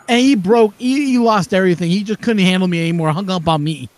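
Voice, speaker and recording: A chatty man with a fairly high voice hosts a relaxed hangout. He tells rambling anecdotes and acts out the phone calls he describes. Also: fast talker, few pauses, dry recording. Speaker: channel host. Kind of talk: casual chat.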